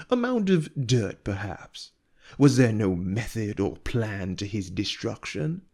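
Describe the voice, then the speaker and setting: A man reading aloud and voicing a cold, calculating noblewoman who speaks slowly and quietly with open disdain. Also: lowish voice, exaggerated voice. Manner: slow, hushed, icy and disdainful.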